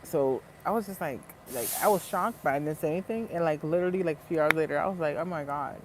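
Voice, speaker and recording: Animated, profane man ranting to camera. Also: on the high side, fast talker, a little hiss or hum. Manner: animated, profane, laughs between lines. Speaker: vlogger. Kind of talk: casual storytelling rant.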